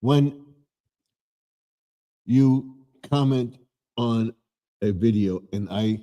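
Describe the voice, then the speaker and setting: Low mellow guy rambling slow on his home livestream. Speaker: live stream host. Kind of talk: casual live stream chat. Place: home man cave.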